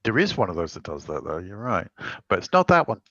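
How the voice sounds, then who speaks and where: A man with a bright, tense voice that moves lively up and down, teasing his fellow players at a game table. The sound is dry and a little dull, like a lo-fi mic. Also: low voice, quick pace, no room sound. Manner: playful, teasing. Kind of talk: casual tabletop game chat.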